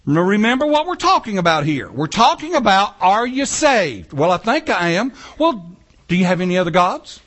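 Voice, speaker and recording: Male pastor, sermon delivery, animated and joking; high, bright, lively voice. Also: moderate pace. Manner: animated, joking preaching with acted-out quotes.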